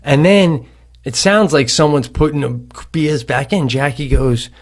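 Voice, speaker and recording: A man co-hosting a comedy podcast, telling a long story in an animated, rambling way, cursing and restarting his sentences. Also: fairly high pitch, unhurried. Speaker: podcast co-host. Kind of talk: casual storytelling.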